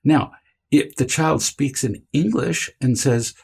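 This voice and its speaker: A man giving a deliberate, emphatic lecture to parents, now and then mimicking a whiny child. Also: mid-range voice, creaky, darkish tone, husky. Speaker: parenting teacher.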